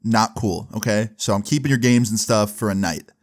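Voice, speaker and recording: A man quoting his mother as a firm, tired parent scolding calmly. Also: on the low side, moderate pace, natural voice. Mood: stern.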